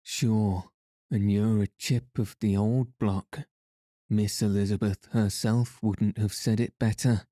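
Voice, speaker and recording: A jovial old Irish peddler with a sly, teasing brogue, as a man puts him on. He has a mellow voice and takes his time, unhurried and unforced, in a dry, close recording of a storybook reading. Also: fairly low pitch, fairly even intonation, no echo.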